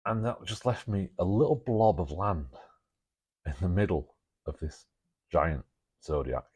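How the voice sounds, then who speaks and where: Man, deep low voice, rambling monologue, thinking aloud, chuckling asides. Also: animated, measured pace, a little mellow, slightly rough. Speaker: alternative history presenter.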